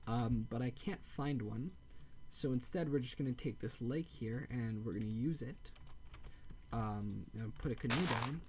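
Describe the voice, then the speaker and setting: A man talking through a modded block-building game in loose, casual commentary. He rambles, corrects himself often and slips in deadpan dark jokes at a middling pitch. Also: normal speed, slight background noise. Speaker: gameplay video host.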